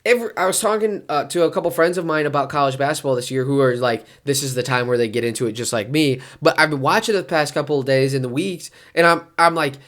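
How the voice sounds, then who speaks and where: A man vlogging about sports in a casual, rambling way, his voice jumping high when he gets worked up. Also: fast talker, hardly any pauses, a bit bright. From Detroit area.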